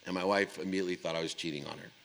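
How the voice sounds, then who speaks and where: A middle-aged man from Ohio telling a story in a keynote speech, acting out the dialogue with big swings in pitch and volume. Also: fairly even intonation, very fast, creaky, fairly bright tone. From Ohio, USA. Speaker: keynote speaker. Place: large conference hall. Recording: long hall reverb.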